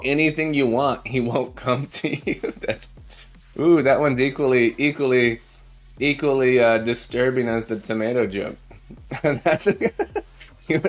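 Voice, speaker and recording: A chatty male programming teacher running a casual live-coding stream, with a middle-range voice. He tells jokes and repeats his phrases as he talks. Faint background music plays under his voice. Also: medium pitch.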